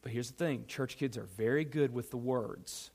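A man preaching a sermon, emphatic and animated, speaking directly to a young congregation. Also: medium pitch, normal speed, husky. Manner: addresses a youth audience directly. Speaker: pastor.

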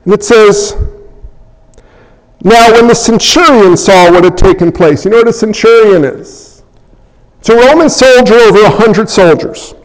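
A pastor delivers a sermon with a strikingly high voice. He preaches in an animated way, acting out moments and voices for the congregation. His words ring out with a long reverb from the church sanctuary. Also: normal speed, pauses often.

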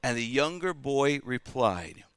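A man's voice: mid-range voice, expressive, unhurried, a bit bright, clear, resonant tone, no echo, studio quality. A man preaching a Pentecost Sunday sermon, leading call-and-response and checking in with the congregation as he goes. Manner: repeatedly asks "all right?" of the listeners. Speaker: pastor. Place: church service.

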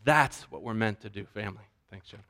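A man pastor preaching a sermon, animated and acting out the voices he quotes. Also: lowish voice, a little fast, a little hiss or hum.

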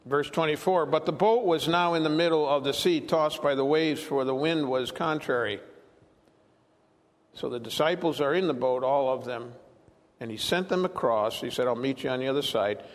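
A man's voice: mid-range voice, moderate pace, big-room sound. A man preaching an expository sermon as pastor, reading scripture and explaining it, acting out quoted lines with animation.

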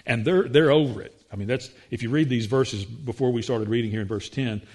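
A man preaching a sermon, acting out voices in the quotes, his pitch rising when he gets excited. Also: fairly quick.

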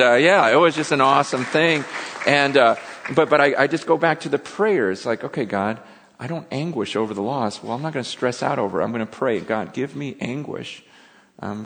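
Guy pastor preaching, gravelly and kinda rough, lots of restarts, big echoey church hall. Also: fairly low pitch. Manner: earnest, conversational, with many restarts and emotional asides. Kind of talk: sermon. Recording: long hall reverb.

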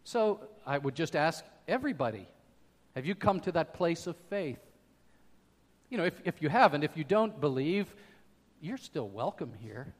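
A man preaching a sermon as pastor, emphatic, swinging from loud declarations to quiet asides. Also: a little high, sing-song, normal speed, in a large hall.

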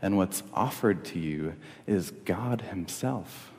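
A man's voice: sits low, expressive, takes it slowly, a little mellow. A young man preaching a sermon as pastor, earnest and conversational, in a church hall. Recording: long reverb of a hall.

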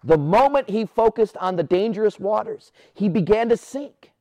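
A man preaching a sermon with a lively, swooping delivery and a slightly high voice. He switches between playful bursts and hushed, low passages. The sound is close and dry, with no room echo. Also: normal speed, muffled recording. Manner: animated, playful voices for quoted characters; drops to a soft, low voice on key points. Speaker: pastor.

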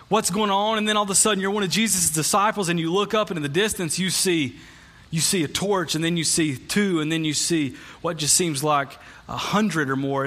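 Bright high-voiced male preacher. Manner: conversational storytelling, frequent restarts. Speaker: pastor. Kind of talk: sermon. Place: church.

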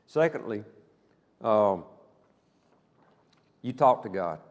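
A man's voice: fairly low pitch, animated, slow. A male pastor preaching a Wednesday night sermon, speaking conversationally with rhetorical questions and frequent checks of "okay?". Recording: long hall reverb.

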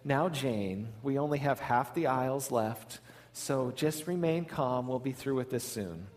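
A man voicing a patient mother who speaks softly and calmly, with a serene, measured manner. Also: medium pitch, close to an everyday voice. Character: calm patient mother soothing herself.

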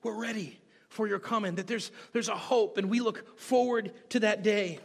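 A man preaching a sermon as pastor, swinging from hushed, quiet passages to shouted bursts. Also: high voice, normal speed. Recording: long hall reverb.

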